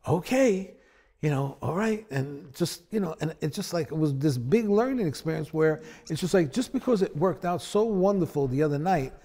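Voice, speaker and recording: A man with a gravelly, slightly husky voice that sits a little high, telling road stories in a relaxed sit-down chat. He keeps acting out what people said, his voice swooping up and dropping low as he goes. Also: normal speed. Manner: animated storyteller, acts out quotes with big pitch swings. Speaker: bassist. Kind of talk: storytelling in a sit-down conversation.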